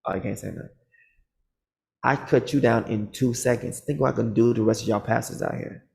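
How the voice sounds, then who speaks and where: Gravelly-voiced man telling a boastful story. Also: mid-range voice, a little fast. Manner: animated, acts out the other people's lines in the story; boastful, confrontational. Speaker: vlogger. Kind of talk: casual storytelling to camera.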